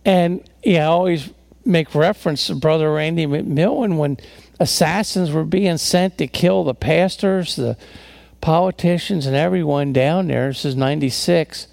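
Man, pastor preaching a sermon, gravelly voice, dry close sound, earnest, restarts and repeats words. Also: a little high, moderate pace, a little mellow, dry recording.

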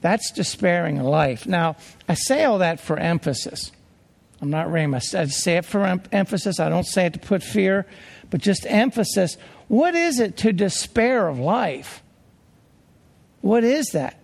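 Male pastor, high gravelly voice, emphatic sermon delivery, long reverb. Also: animated, unhurried. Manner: emphatic, restarts phrases, drops low for grim details.

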